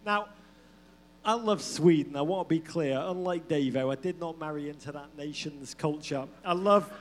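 A man's voice: a little high, moderate pace. A man co-hosting a live comedic football podcast, telling stories in a playful, mock-dramatic way and laughing often. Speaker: podcast co-host. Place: live show venue.

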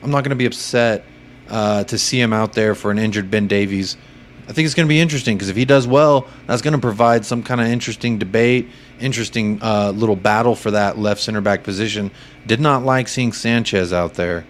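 A man's voice: on the low side, brisk, slight background noise. A man co-hosting a sports podcast, chatting casually, thinking aloud with jokey asides. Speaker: podcast co-host.

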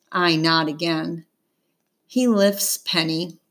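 A woman narrating a children's novel in the first person, calm and measured. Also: on the low side. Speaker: audiobook narrator.

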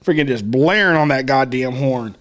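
A man co-hosting a podcast, laid-back and quick to laugh. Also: medium pitch, a bit bright. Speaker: podcast co-host. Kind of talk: casual chat.

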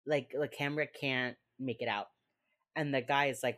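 A woman's voice: rumbling low, steady tone, normal speed, a bit bright. A young woman co-hosting a podcast, recapping a TV episode in casual chat, full of fillers and laughing as she acts out the characters' lines. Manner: chatty, lots of fillers, acts out quotes with laughs.

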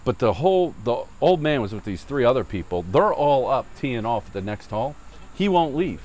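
A man telling a golf story in casual chat, swearing often and acting out the shouting people in it. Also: mid-range voice, normal speed. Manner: animated, swearing, mimics yelling voices in stories.

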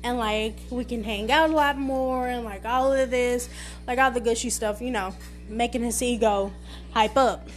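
A young woman telling a story in a casual podcast monologue, animated and sassy, with lots of fillers. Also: on the high side, moderate pace, faint music behind. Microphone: phone voice message.

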